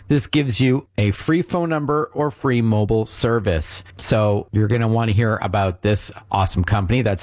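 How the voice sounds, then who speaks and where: A male tech show host with a slightly raspy, tired voice, chatting upbeat and casually from an airport. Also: fairly low pitch, no echo, clean studio sound. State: tired, strained voice.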